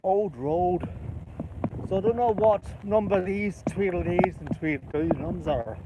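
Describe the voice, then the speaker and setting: A man's voice: high voice, a little slow, highs cut off. A man vlogging while walking uphill outdoors, rambling and joking in a put-on Irish accent. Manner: rambling, chatty, jokey. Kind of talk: walking vlog. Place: outdoors on hilly streets. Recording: loud wind noise outdoors.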